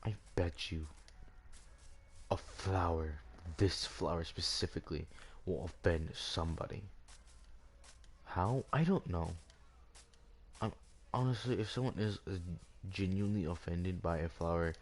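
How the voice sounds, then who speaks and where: A man's voice: sits low, animated, unhurried, pauses often. A man ranting over gameplay as the channel's host, rambling and circling back over the same point with lots of "like" fillers. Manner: rambling, repeats himself, leans heavily on "like".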